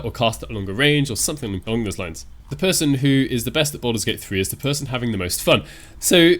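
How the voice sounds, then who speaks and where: A man's voice: medium pitch, a bit bright. A man hosting a gaming channel, giving casual and reassuring game advice step by step, his voice a bit stuffy from a cold. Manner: chatty, reassuring, explains step by step.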